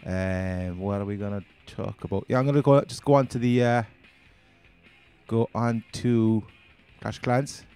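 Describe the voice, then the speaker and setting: Rambling, low-voiced Cork man. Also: fairly even intonation, measured pace, mellow, clean tone, soft background music. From Ireland. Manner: rambling, chatty, easygoing. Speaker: gaming channel host. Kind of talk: casual gaming commentary.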